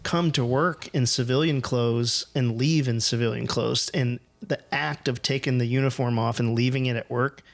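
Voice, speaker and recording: A man's voice: medium pitch, steady tone, moderate pace, creaky, hardly any pauses. A man from the United States hosting a podcast, telling rambling, profane, self-deprecating stories in casual conversation. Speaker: podcast host.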